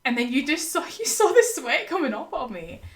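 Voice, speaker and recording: A woman guest on a podcast, telling a story in a casual, animated way and laughing often. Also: high voice, a little fast.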